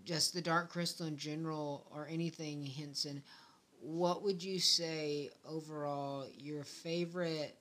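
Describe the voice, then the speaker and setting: A man hosting a podcast in casual chat, talking in a relaxed, rambling way with many restarts. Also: a little high, unhurried. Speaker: podcast host.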